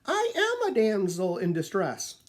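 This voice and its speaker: A man voicing a little girl, a stubborn niece who misses her father, in a high pleading voice. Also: huge pitch swings, a little slow, a little mellow, heavily acted.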